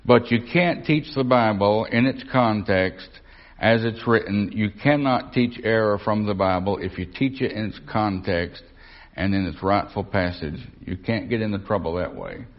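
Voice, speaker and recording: Folksy male preacher teaching scripture to his class, lowish voice, muffled old recording. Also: moderate pace. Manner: folksy, repeats himself, asks the room questions. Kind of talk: conversational Bible teaching. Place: church or Bible class. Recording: dull lo-fi recording.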